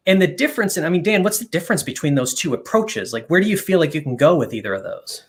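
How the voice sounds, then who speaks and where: A man's voice: fairly high pitch, sing-song, fast, few pauses. A man guesting on a live stream, earnestly explaining ideas and listing them in long runs. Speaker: guest, company co-founder.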